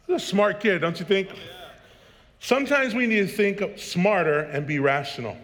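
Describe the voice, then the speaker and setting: A man's voice: high-pitched, expressive, normal speed, a bit bright, a little hiss or hum. A man in his thirties preaching a sermon as pastor, telling jokey family stories and then building to emphatic preaching. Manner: storytelling, joking, rising to emphatic preaching. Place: church sanctuary. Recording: long hall reverb.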